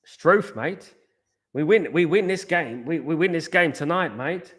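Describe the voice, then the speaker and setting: A man's voice: on the high side, animated, measured pace, a bit bright, voice pushed up. A man putting on a mocking impression of a boastful, arrogant Australian male football manager in a put-on Australian accent. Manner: mocking, repeats "mate" after every line.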